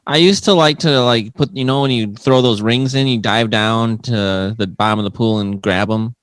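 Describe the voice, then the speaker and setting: A man's voice: fairly low pitch, moderate pace, no echo. A man co-hosting a casual podcast who teases his friends and tells news items in a playful way. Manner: teasing, lively storytelling. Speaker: podcast co-host, news segment. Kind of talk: casual chat.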